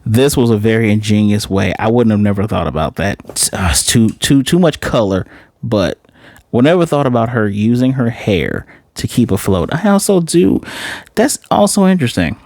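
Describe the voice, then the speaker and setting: Man, anime reviewer, casual recap, excitable, very lively pitch, dry close recording. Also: moderate pace, no room sound. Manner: animated, jumps into high-pitched voices when retelling scenes; excitable, laughing reactions, restarts.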